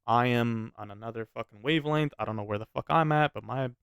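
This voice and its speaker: A man telling a personal story in a casual, animated way, swearing freely and often restarting his sentences. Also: medium pitch, quick pace, gravelly, clean tone, no room sound, studio quality.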